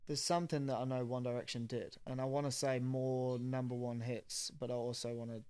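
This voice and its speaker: Blunt sweary podcast host. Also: male voice, mid-range voice, flat delivery, a little fast, darkish tone, smooth. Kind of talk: casual chat.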